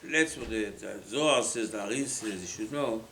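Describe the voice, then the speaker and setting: A man's voice: lowish voice, moderate pace, a bit bright, a little hiss or hum. A man preaching a sermon, emphatic and repetitive, often acting out the voices of the people he quotes. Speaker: rabbi. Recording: echoey room with faint ambience.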